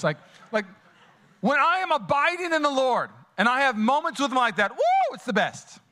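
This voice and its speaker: A man preaching a sermon, casual and storytelling, swinging between loud, high passages and quiet, intimate asides. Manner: casual, storytelling, many fillers and restarts. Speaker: pastor. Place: church auditorium.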